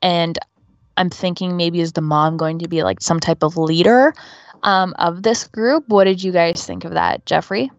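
A woman's voice: fairly low pitch, normal speed, no echo, highs cut off. A woman co-hosting a podcast, giving a casual, chatty recap full of fillers like "um" and "you know". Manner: chatty, filler-heavy retelling. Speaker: podcast co-host.

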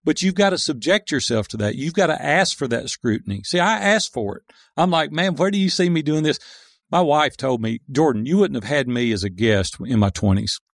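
Middle-aged entrepreneur guest, gravelly, earnest storyteller, dry studio mic. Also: male voice, medium pitch, a little fast, few pauses, dry recording. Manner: earnest, animated storytelling with acted quotes. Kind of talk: conversational interview.

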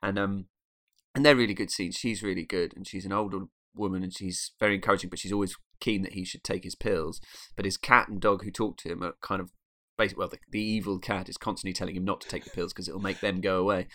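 A man's voice: low voice, fairly even intonation, fast talker, fairly bright tone. A man talking about a film, hesitant, with many restarts. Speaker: film reviewer. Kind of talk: casual film discussion.

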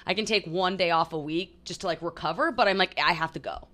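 This young podcast co-host has a lowish voice that sounds pushed and bright, and she talks fast. The conversation is casual, and she rambles with lots of fillers.

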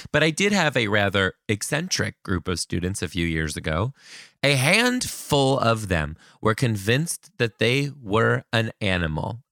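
A sarcastic man in his thirties hosts a comedy podcast, reading listener emails aloud with a bright voice whose pitch swoops all over as he tells stories. He's animated and keeps jumping into high, mocking voices. The recording is dry and close, with no echo.

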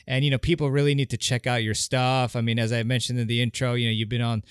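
A man's voice: medium pitch, little pitch movement, fast, clear, resonant tone, no echo, clean studio sound. A man hosting a podcast interview, friendly and a little hesitant, with many fillers. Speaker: podcast host.

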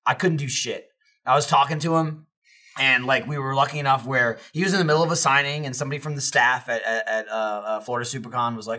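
A young man co-hosting a casual podcast, telling an animated story full of fillers and swearing. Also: medium pitch, fast talker. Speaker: podcast co-host.

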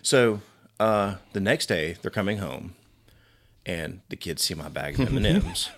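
A man co-hosting a podcast, telling stories in casual, profane, animated chat. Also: sits low, unhurried. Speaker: podcast co-host.

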